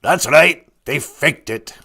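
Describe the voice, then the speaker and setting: A man's voice: fairly high pitch, takes it slowly, gravelly, sharp tone, slightly rough, exaggerated voice. A man voicing the Great Spirit as a fatherly male elder who sounds like a pirate and calls the listener "my son.". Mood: booming.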